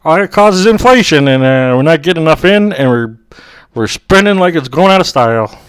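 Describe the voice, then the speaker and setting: A man's voice: on the high side, expressive, a little fast, fairly bright tone, clear, resonant tone, dry recording. A young man rambling through a comic story and calling everyone dude. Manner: rambling, says "dude" a lot. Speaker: co-host. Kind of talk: comedic storytelling.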